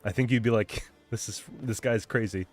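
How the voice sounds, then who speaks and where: A man's voice: on the low side, normal speed, faint music behind. A man live-streaming a card game at home on a desk mic, hyped and rambling as he chats with viewers. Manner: hyped, rambling, chatting with viewers while playing. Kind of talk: casual live-stream chat.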